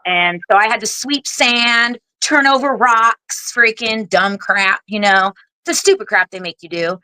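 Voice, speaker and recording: Woman in her 40s, veteran guest in an interview; bright, tense voice, blunt and animated, swears casually, acts out quotes. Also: on the high side, measured pace, dry recording, poor audio. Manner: animated, acts out other people's lines. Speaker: guest, Air Force veteran.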